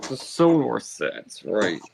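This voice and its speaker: A co-viewer chatting casually on a stream, talking very slowly and often echoing the other speakers' words back. The voice sits at an ordinary pitch. Faint noise runs in the background. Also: wildly swooping pitch, creaky. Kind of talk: casual chat.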